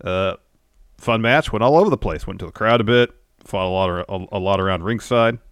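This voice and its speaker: A man co-hosting a wrestling podcast, giving a steady play-by-play recap in a casual chat. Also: fairly low pitch, a little fast, dry recording, clean studio sound.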